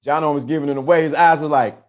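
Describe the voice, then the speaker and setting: Animated man hosting a live chat. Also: a little high, fast. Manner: animated, teasing, laughs often. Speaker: livestream host. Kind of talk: casual live-stream chat.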